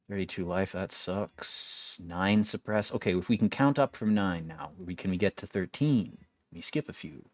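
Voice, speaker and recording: A man's voice: sits low, moderate pace, few pauses, no room sound. A young man giving casual gameplay commentary, wry and complaining, swearing freely as he plays. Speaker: gaming video creator.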